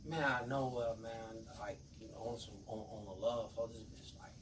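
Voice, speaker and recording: A man's voice: medium pitch, fairly even intonation, moderate pace, few pauses. Man, profane storyteller, acts out quotes, echoey room, distant noisy mic. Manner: profane, acts out quotes, swings loud and quiet. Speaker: storyteller among friends. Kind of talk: casual story telling.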